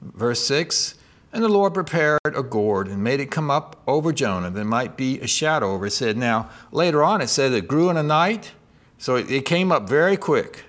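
A man's voice: mid-range voice, moderate pace. A middle-aged male pastor preaching a sermon, reading scripture aloud and asking his listeners questions. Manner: expressive preaching, voicing scripture and God's lines, asks the congregation questions.

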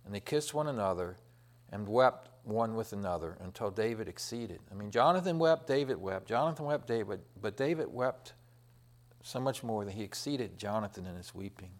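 A man's voice: lowish voice, animated, moderate pace. A middle-aged man preaching a sermon, retelling a Bible story in a folksy, rambling way with many fillers and restarts.

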